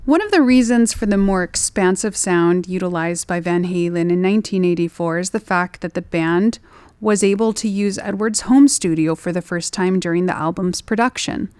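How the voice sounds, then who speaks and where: Lady co-host reading an article out loud, smooth clear voice, close dry sound, laughs a lot. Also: lowish voice, moderate pace, no room sound. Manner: laughs easily, chatty. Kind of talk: reading an article aloud and casual chat.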